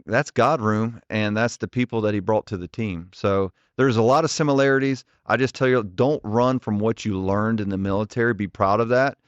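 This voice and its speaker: Man, 40s, ministry leader guest, earnest and direct, low voice, dry dull podcast sound. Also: moderate pace, hardly any pauses, no echo. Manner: earnest, direct, frequent restarts. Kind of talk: conversational interview storytelling.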